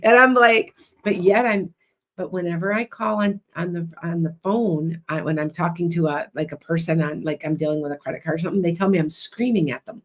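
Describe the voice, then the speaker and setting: Woman, chatty livestream host, loud and rambling, lowish voice. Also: fairly even intonation, fairly quick. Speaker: livestream host, psychic and hypnotist.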